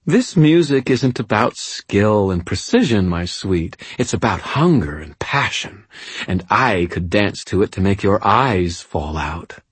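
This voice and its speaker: A man's voice: fairly low pitch, big pitch swings, measured pace, breathy edge, dry recording, heavily acted. A man reading an audiobook voicing a haughty, mocking wealthy woman with a cold, waspish manner. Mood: tipsy, teasing.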